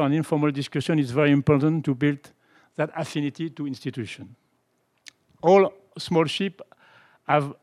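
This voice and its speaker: A man from France speaking English with a French accent, earnest and halting as a panelist in a conference room. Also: fairly high pitch, darkish tone. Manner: halting, restarts phrases, earnest.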